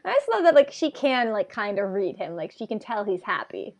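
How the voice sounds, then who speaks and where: A woman co-hosting a podcast recaps an episode in chatty, rambling talk packed with "like." Her mid-range voice is sing-song, a little mellow, and fairly quick.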